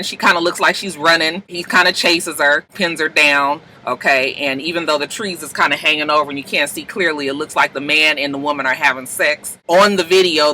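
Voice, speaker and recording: Animated man recapping with bright energy. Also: on the high side, a little hiss or hum, rough recording. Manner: animated, acts out characters' lines in quick voices; profane, laughing asides. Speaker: host recapping TV episodes. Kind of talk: casual recap.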